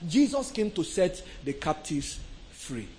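Nigerian guy preaching, pretty high voice, gets loud then drops soft, keeps asking the crowd stuff. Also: very animated, unhurried, rough recording. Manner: emphatic, swings loud and soft, asks the crowd questions. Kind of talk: sermon.

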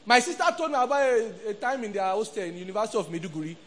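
A man's voice: sits high, rapid-fire, slight background noise. A middle-aged man with a Nigerian accent, preaching a sermon and leading call-and-response with his congregation. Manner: animated, call-and-response preaching, acts out quoted voices. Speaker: pastor.

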